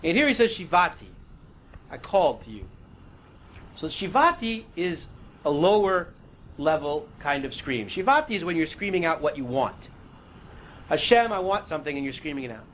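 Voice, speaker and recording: A man's voice: a little high, sing-song, normal speed, fairly bright tone, slight background noise, poor audio. A man teaching a Torah class, reading Hebrew verses and explaining them in a casual, conversational way, sometimes losing his place.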